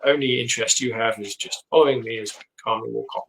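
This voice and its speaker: A man, a dog trainer, explaining his methods in an earnest, steady way from his home office. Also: mid-range voice, fast talker, gravelly, poor audio. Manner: earnest, explanatory, lots of agreeing 'yep'. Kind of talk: casual conversation.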